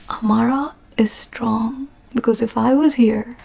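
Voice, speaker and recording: A young woman from Bangladesh gushes through a book recap, with giggles and hushed asides. Her voice is gravelly and low in brightness, with a mellow, warm tone. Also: unhurried. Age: young adult. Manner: gushing, animated retelling with giggles and whispered asides. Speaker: book vlogger.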